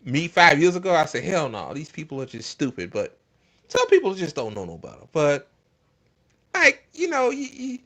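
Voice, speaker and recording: A man's voice: on the high side, huge pitch swings, brisk, a bit bright. A man hosting a casual political commentary stream, ranting in a profane, exasperated way. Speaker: host.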